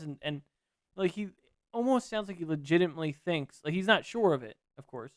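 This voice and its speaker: A man co-hosting a podcast, chatting about wrestling in an excitable, jokey, rambling way. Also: fairly high pitch, fairly quick, dry recording, studio quality. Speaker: podcast co-host. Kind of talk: casual wrestling chat.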